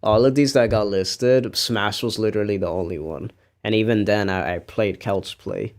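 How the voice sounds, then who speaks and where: A young man on a stream rambles through a story in casual chat, often laughing at himself. His voice sits on the low side at a normal speed.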